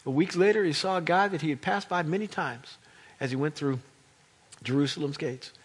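A man with an American accent preaching a sermon, telling the story in an animated way and acting out the voices of the people in it. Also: on the high side, a little fast, husky. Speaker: pastor.

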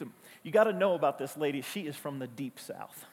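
A man's voice: a little high, lively intonation, fairly quick, husky, big-room sound. A man preaching a sermon as a pastor, conversational and emphatic, telling stories and repeating key phrases. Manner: conversational, storytelling, emphatic repetitions.

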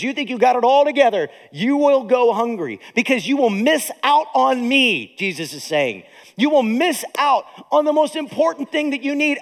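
A man preaching a sermon as a pastor, animated, with dramatic pauses. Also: extremely high pitch, long reverb tail.

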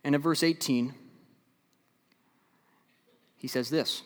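A man preaching a sermon as a pastor, from the American Midwest, swinging between loud emphatic stretches and low, slow, quiet passages. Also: steady tone. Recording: long hall reverb.

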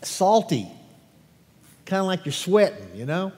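High-voiced man preaching in an echoing church. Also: unhurried. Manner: animated, questioning the congregation. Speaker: pastor. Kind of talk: children's sermon and scripture reading. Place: church sanctuary. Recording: long echo of a large church hall.

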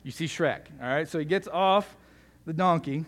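A male pastor delivers a sermon in a relaxed, conversational way, mixing jokes into the story. His voice sits fairly high for a man. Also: moderate pace.

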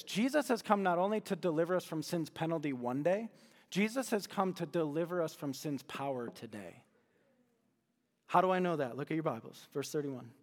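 A man's voice: a little high, in a large hall. A male pastor delivering a sermon, emphatic and fond of repeating his key phrases.

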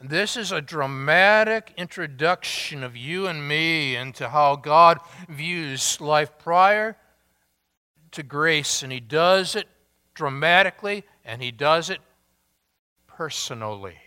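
A man preaching a sermon as pastor, emphatic and deliberate, asking the congregation rhetorical questions. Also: fairly high pitch, expressive, sharp tone, clean tone, in a large hall.

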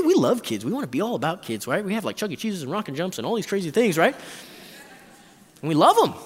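A man's voice: sits high, big-room sound. A man preaching a sermon, telling stories with big voice swings and frequent asides to the audience. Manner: animated storytelling with quick voice swings, frequent "right?".

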